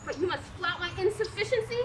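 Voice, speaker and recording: A woman playing Helena, a high desperate lovesick girl. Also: fast. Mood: pleading. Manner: breathless, pleading stage verse. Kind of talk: live student stage play. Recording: noisy live stage recording.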